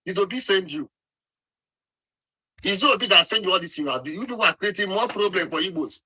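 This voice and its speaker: This is a Nigerian man with a high voice, pushing his point hard in a heated online debate. His tone is very sharp and bright, and he scolds and repeats words as he presses on. He sounds insistent from start to finish. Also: brisk, slightly rough, low-quality recording. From Nigeria, Nsukka. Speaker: speaker in an online audio room debate. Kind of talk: heated political argument.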